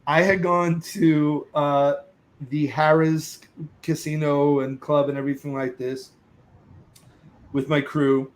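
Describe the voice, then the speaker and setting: A middle-aged man, a podcast guest, telling a lively anecdote, acting out other voices and cursing casually. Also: a little high, slow, rough recording. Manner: lively storyteller who acts out other voices and sings snatches; curses casually. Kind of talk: animated storytelling.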